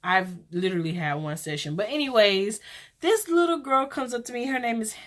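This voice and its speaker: A woman in her twenties talks to her viewers in a casual, rambling way. Her voice sits a little high, and she tells stories with lively energy and church talk mixed in. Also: brisk. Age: 20s. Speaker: vlog host. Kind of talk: casual confessional vlog.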